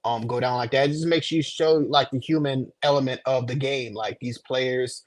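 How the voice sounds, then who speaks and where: A man's voice: mid-range voice, moderate pace, no echo. Teasing man trash-talking sports. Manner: playful trash-talk, teasing and animated. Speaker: podcast co-host. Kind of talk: casual sports chat.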